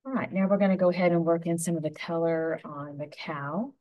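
A woman giving a gentle, unhurried painting tutorial, talking through each brushstroke as she works. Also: fairly low pitch, level tone, lo-fi sound. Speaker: painting instructor.

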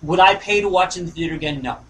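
A man's voice: high voice, rapid-fire, fairly bright tone, a little hiss or hum, poor audio. A man appearing as a guest on a casual podcast, hesitant and stammering through restarts.

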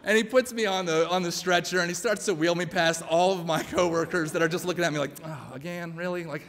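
A man's voice: sits high, steady tone, quick pace, fairly bright tone. A man in his thirties telling a true story on stage, in a chatty, self-mocking way full of "like". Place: church hall with live audience. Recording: long hall reverb, faint room noise.

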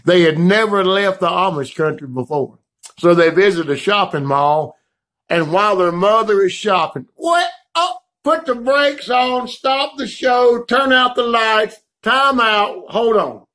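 A man doing a loud, rambling folksy hobo host. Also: sits high, a little slow. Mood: hammy. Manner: folksy, rambling, exaggerated shouts and asides to the audience. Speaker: comedy show host. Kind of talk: hammy joke-of-the-day comedy bit.

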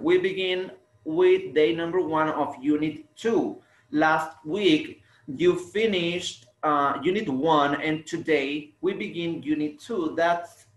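A man teaching a slow English lesson to young students, stretching words out and repeating them for the class to copy. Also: a little high. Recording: echoey room.

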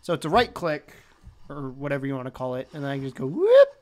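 A man's voice: mid-range voice, fairly even intonation, fast, dry recording. A man in his twenties hosting a let's play, thinking aloud in rambling sentences and chuckling often. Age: 20s. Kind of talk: casual gameplay commentary.

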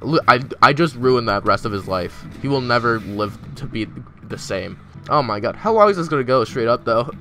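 A man doing casual let's-play commentary, excitable and trash-talking, swearing at the game as he plays. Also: medium pitch, moderate pace, soft background music. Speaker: gameplay commentator.

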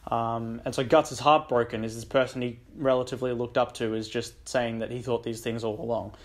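A man's voice: mid-range voice, steady tone, a little fast. A young man hosting a book channel, casually recapping a story in a rambling way full of ums and likes. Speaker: book discussion channel host.

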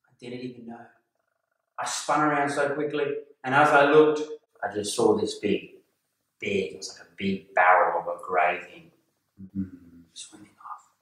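A kindergarten teacher with a fairly low voice tells a story to young children at a measured pace, animatedly acting out gasps and voices. The recording is echoey and picked up from far off in the room.

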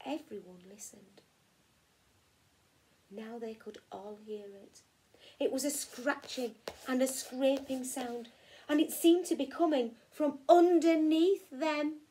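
A woman teacher from England reading a children's picture book aloud in an expressive storytelling way. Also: high-pitched, slow pace. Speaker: primary school teacher.

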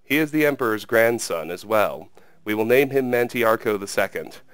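A man's voice: fairly low pitch, animated, normal speed, fairly bright tone, clear, resonant tone, no room sound. A man reading aloud who voices a scheming young royal wife in a raised, coaxing voice.

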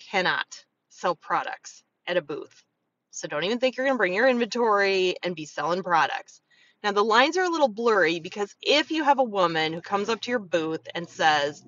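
A woman vlogging casual, frank business advice as a beauty consultant, talking chattily and acting out customers in quick asides. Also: fairly low pitch, a bit bright, far from the mic, dull audio. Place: in a car on the way to set up.

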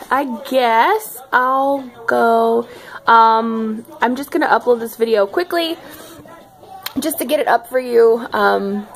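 A young woman chatting casually in a home vlog, giggly and full of fillers, filmed on a handheld phone indoors. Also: on the high side. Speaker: vlogger. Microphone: handheld phone camera.

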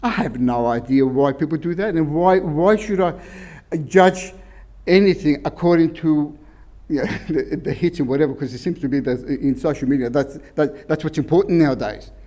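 A man's voice: fairly high pitch, moderate pace, dark tone. A man preaching an informal, rambling sermon and often restarting his sentences. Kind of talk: conversational sermon.

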